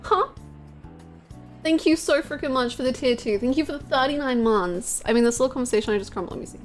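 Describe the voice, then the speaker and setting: This streamer talks fast in a high voice, with faint music behind her. She's a woman rambling through a casual live-stream chat, giggling as she gushes about a game character.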